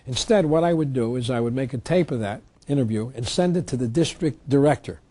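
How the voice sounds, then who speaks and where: A man's voice: mid-range voice, expressive, brisk, warm tone, a little hiss or hum. A man giving an emphatic public lecture on tax law, reading legal text aloud. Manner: emphatic, reads statutes aloud.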